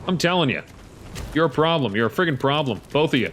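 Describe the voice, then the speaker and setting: A man giving excitable, chatty commentary while playing a survival game, talking to his creatures as he goes. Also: on the high side, fairly quick, slight background noise. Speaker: let's play host. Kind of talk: casual gameplay commentary.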